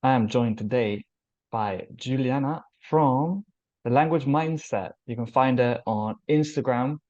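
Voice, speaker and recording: British male host, chatty and upbeat, mid-pitched, muffled lo-fi call sound. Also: measured pace, darkish tone. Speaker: host, language teacher. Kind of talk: casual video interview. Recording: dull lo-fi call audio.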